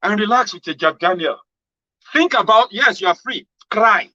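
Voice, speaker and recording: Nigerian man, animated monologue, fairly high voice, bright tone, dull lo-fi recording. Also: normal speed, no room sound. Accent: Nigerian, with Pidgin. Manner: animated, swings from loud exclamations to low murmurs. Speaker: political commentary host. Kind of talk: casual motivational monologue. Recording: dull lo-fi sound.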